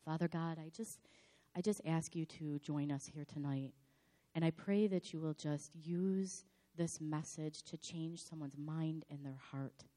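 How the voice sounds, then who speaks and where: A slightly hoarse woman pastor giving a sermon in a dramatic, animated storytelling manner. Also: sits low, measured pace.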